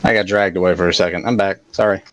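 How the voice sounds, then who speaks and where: Low-voiced male tabletop player. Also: steady tone, quick pace. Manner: narrates his character's actions playfully. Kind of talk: tabletop game play.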